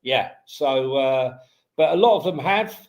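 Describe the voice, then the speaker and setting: A man's voice: mid-range voice, expressive, measured pace. Easygoing man in an echoey room. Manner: easygoing, laid-back. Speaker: podcast co-host. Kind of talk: casual football chat. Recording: roomy echoey sound.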